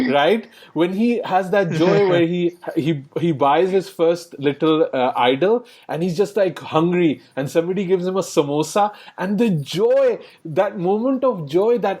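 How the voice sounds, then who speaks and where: A man's voice: high voice, lively intonation, measured pace, few pauses, darkish tone, breathy edge. A man co-hosting a podcast, chatting about films in an enthusiastic, rambling way and laughing often. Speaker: podcast co-host. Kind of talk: casual film discussion.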